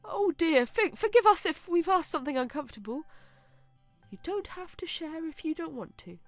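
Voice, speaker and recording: A woman narrator voicing a kindly older mother who speaks in a gentle, affectionate way. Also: high voice, big pitch swings, a little slow, no echo. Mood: warm, caring. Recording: dry close narration with soft music.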